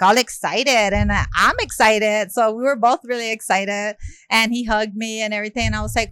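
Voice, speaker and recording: A woman tells a story in a relaxed interview, her voice sitting in a middle pitch. She acts out every quoted line and keeps the talk flowing with casual fillers. The sound is close and dry, with no room around it. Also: moderate pace, clear, resonant tone, no room sound. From South Central Los Angeles. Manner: lively, acts out quoted dialogue, many "you know" and "like" fillers. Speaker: rapper, interview guest.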